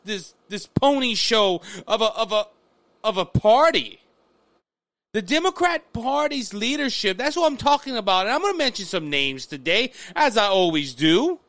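A man from hosting a political commentary show, talking in an animated, sarcastic way and calling his listeners folks. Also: extremely high pitch, no room sound. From Louisiana, USA. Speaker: political commentator, podcast host.

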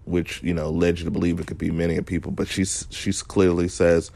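Deep-voiced man recapping an episode. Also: level tone, moderate pace, vocal fry, darkish tone, no echo. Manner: analytical, emphatic, frequent restarts. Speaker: video creator recapping a show episode. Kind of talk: casual recap commentary.

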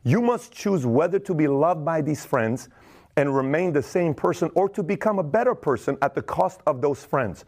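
A man's voice: a little high, expressive, moderate pace, darkish tone. A man hosting a podcast, giving a casual, emphatic motivational talk in plain words, often acting out other people's voices. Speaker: podcast host.

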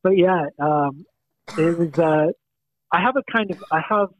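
A man's voice: fairly high pitch, a little slow, crowd noise. A man with a Manchester accent telling a ghost story in casual chat, rambling and laughing, with lots of ums. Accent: Manchester English. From England. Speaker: podcast guest storyteller. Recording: dry, tinny phone-like line.

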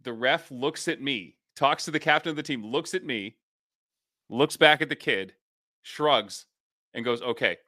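A man co-hosting a podcast and coaching high school football, chatting casually, laughing often and acting out the people in his stories. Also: a little slow. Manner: lively storyteller, laughs often, acts out quotes. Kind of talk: casual chat.

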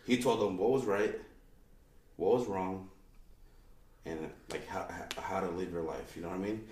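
A man's voice: low-pitched, normal speed, a little mellow, far from the mic, slight background noise. A man talking bluntly and profanely as a guest in a casual podcast chat. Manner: blunt, profane, plain-spoken. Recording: echoey room, away from the mic.

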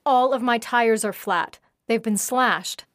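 A woman's voice: on the high side, takes it slowly, fairly bright tone, no room sound, clean studio sound. Woman reading a furious tough ex-Marine woman.

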